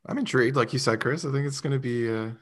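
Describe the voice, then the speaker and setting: A man's voice: mid-range voice, quick pace, a bit bright. A man hosting a movie podcast in easygoing casual chat, full of fillers. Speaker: podcast host.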